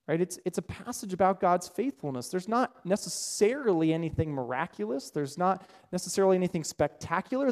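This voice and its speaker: A man's voice: sits high, darkish tone. A man preaching a sermon, building his points through repetition and rhetorical questions. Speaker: pastor.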